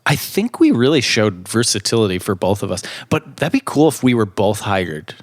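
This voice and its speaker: A man's voice: on the low side, sing-song, moderate pace. A man co-hosting a comedy podcast, doing a mock live news report in an improvised bit. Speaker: podcast co-host.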